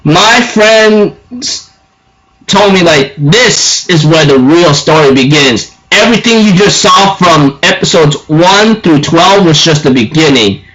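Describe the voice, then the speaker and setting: A man recapping an anime episode for his channel, excitable and tripping over his words. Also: a little high, takes it slowly, poor audio. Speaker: anime reviewer.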